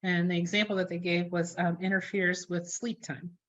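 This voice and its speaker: A woman's voice: lowish voice, flat delivery, normal speed, a bit bright, lo-fi sound. A woman co-host reading audience questions aloud from the chat, plainly.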